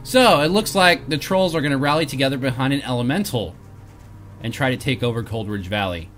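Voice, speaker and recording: Man, game host, playful, jokey, bright voice, lively pitch. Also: a little fast, soft background music. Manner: playful, jokey, laughs at himself. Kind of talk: let's play commentary reading quest text.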